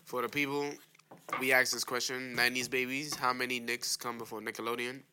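A man's voice: medium pitch, flat delivery, brisk. Blunt man co-hosting over background noise. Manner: blunt, teasing. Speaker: podcast co-host. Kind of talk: casual chat. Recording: noisy background.

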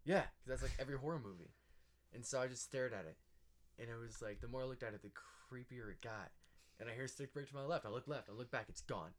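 A young man co-hosting a casual chat, telling a ghost story in an animated way, acting out voices and laughing often. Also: mid-range voice, fast talker. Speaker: podcast co-host.

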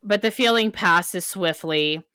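A woman's voice: on the low side, measured pace, bright, forceful tone, clear, resonant tone, no room sound, studio quality. A woman co-hosting a casual book chat, retelling the plot and reading quotes with feeling. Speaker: podcast co-host recapping a book.

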